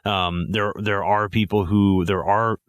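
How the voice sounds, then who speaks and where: A man's voice: lowish voice, little pitch movement, unhurried, clean tone, no echo. A man co-hosting a podcast, rambling through his thoughts on a film, often restarting sentences and swearing. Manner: rambling, restarts a lot, swears, acts out characters' lines. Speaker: podcast co-host. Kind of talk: casual movie commentary.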